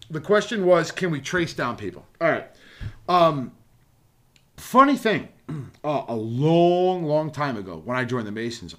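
A man's voice: medium pitch, fairly bright tone. A man co-hosting a podcast in casual chat, rambling and cursing freely as he jokes with his co-hosts. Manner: rambling, profane, jokey. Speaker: podcast co-host.

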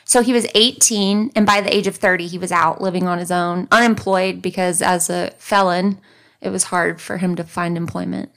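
A woman's voice: lowish voice, fairly even intonation, normal speed, gravelly, a bit bright. Southern woman telling a true crime story. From American South. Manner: conversational, reads facts then comments wryly. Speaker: podcast host.

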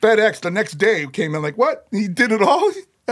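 A middle-aged man, a metal singer telling stories as a podcast guest, animated, laughing and swearing freely. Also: high-pitched, moderate pace. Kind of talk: casual storytelling chat. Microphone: podcast studio mic.

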